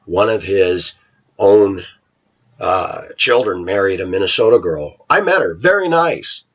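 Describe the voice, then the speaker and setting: A man's voice: low-pitched, expressive, measured pace, a bit bright. A middle-aged man talking to his viewers in a rambling, opinionated monologue. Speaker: vlogger. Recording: dull lo-fi recording.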